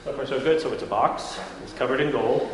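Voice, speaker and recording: A man's voice: mid-range voice, a little fast. A man giving an informal classroom lecture, chatty and constantly checking in with his listeners. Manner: chatty, checks in often with "right?". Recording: echoey hall, faint room noise.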